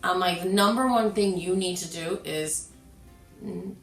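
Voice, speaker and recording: A woman's voice: fairly low pitch, unhurried. A woman who stutters, chatting casually and with emphasis as a co-host. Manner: stutters, restarts words; animated, emphatic. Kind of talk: casual chat. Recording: echoey room with faint music.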